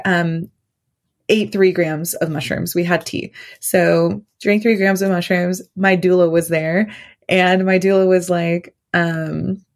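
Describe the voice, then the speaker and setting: A woman guest on a podcast, telling a personal story in a loose, rambling way full of fillers. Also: on the low side.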